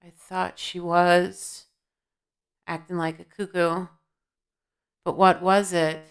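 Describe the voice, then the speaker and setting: A woman's voice: on the low side, flat delivery, takes it slowly, clear, resonant tone. A woman giving an intuitive spiritual reading at home, blunt and scolding, asking her guides questions and answering herself. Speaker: intuitive reader. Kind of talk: tarot-style spiritual reading to camera. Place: home, indoors.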